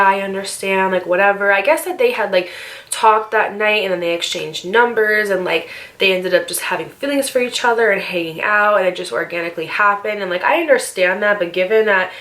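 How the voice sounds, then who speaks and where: A young woman talks straight to her viewers in a casual storytime vlog. Her voice sits at an ordinary middle pitch. She tells the story in a chatty, dramatic way, full of slang and the odd swear word. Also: fairly bright tone. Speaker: storytime vlogger.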